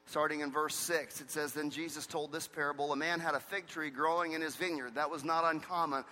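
Bright-voiced pastor preaching in a reverberant hall. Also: male voice, on the high side, fairly even intonation, a little fast, slight background noise. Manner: emphatic preaching with repeated phrases. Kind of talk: sermon. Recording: long reverb of a large hall.

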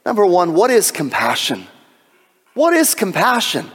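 High-voiced preaching man in a reverberant hall. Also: unhurried, breathy edge. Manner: animated preaching with jokes and asides. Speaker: pastor. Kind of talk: sermon.

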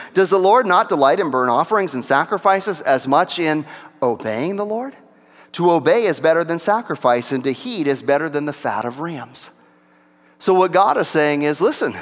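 A man's voice: a little high, fairly bright tone. A man preaching a teaching sermon as pastor, talking conversationally and repeating key phrases for emphasis. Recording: long reverb of a large hall.

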